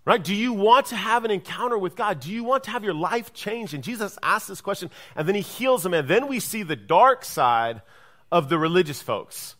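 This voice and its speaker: Preach it as a pastor, a man with a somewhat high voice, engaging the congregation and checking in with them often. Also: expressive, normal speed, fairly bright tone. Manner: engaging, checks in with listeners by asking "right?"; acts out quoted speech in shifting voices. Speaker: lead pastor. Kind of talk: sermon.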